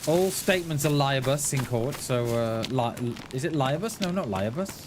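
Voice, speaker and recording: A man's voice: medium pitch, expressive, moderate pace, noisy background. A man chatting casually while live streaming a game, laughing often and calling his viewers mate. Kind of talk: live gameplay stream chat.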